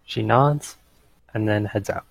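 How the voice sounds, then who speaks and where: A man taking part as a player in a tabletop role-playing game, talking slowly and hesitantly. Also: fairly low pitch, creaky, no echo, rough recording.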